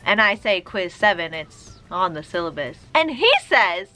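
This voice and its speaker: A young woman telling a story casually to camera, sarcastic and animated as she acts out both sides of a conversation. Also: fairly high pitch, moderate pace, few pauses, faint music behind. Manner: animated, sarcastic retelling with quoted dialogue. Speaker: vlogger.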